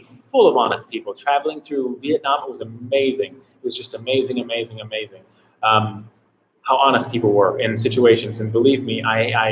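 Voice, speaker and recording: A man's voice: medium pitch, slight background noise, low-quality recording. A man hosting a casual live travel Q&A, rambling and filling his talk with "like". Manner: rambling, heavy on "like" fillers. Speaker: travel vlogger host.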